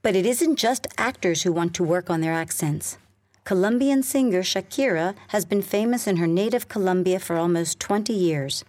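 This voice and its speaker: A woman reading a scripted English listening lesson in a clear, measured way. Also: on the low side, a little mellow, no echo. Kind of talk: scripted narration.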